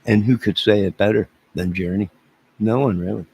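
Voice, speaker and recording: A man's voice: fairly low pitch, moderate pace, vocal fry, darkish tone, breathy edge. A man around fifty ranting to his livestream chat, rambling and exasperated, repeating himself.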